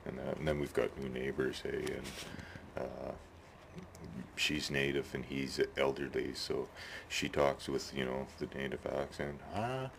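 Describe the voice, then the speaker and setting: A man's voice: extremely low pitch, monotone, a little slow, creaky, background noise. A man rambling casually about his neighbors and his hobby build in his workshop, tagging sentences with "eh". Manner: rambling, chatty, tags sentences with "eh". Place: home workshop shed.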